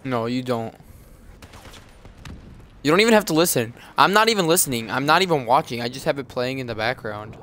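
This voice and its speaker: A man's voice: medium pitch, animated, a little fast, long pauses, a bit bright. A young man streaming a game live, rambling to his chat with restarts and asides. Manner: chatty, rambling, talks to chat. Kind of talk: live gameplay commentary.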